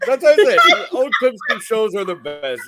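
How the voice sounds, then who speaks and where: Male show host, high-pitched voice, chatty, jokey asides to listeners. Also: big pitch swings, normal speed, fairly bright tone. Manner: chatty, joking asides to the audience. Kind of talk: casual chat.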